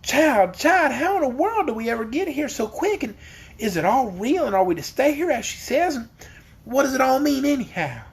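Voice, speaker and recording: A man voicing a flustered old farm woman with a hoarse, frightened voice and stammering questions. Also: very high-pitched, animated, takes it slowly, hardly any pauses, voice pushed up, heavily acted. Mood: bewildered.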